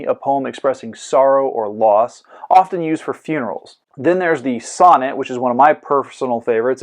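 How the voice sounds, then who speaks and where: A man hosting a scripted educational podcast about poetry, lecturing clearly and dropping in goofy comic asides. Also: mid-range voice, darkish tone. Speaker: host.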